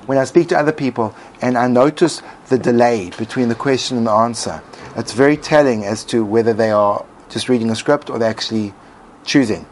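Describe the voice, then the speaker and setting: Here a man hosting a reflective talk muses with frequent restarts and fillers, speaking a little fast in a mid-range voice. The low-quality recording carries faint background noise.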